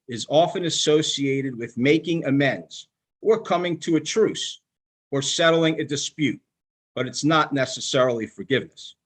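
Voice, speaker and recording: An older man giving a sermon in a measured, emphatic manner, slowing down to stress quoted scripture. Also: mid-range voice. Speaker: rabbinical student giving a sermon.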